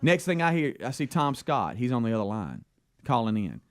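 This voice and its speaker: In a radio studio, a Southern US radio co-host tells a rambling story in casual on-air talk, acting out the phone calls within it. His mid-range voice swings widely in pitch and moves briskly.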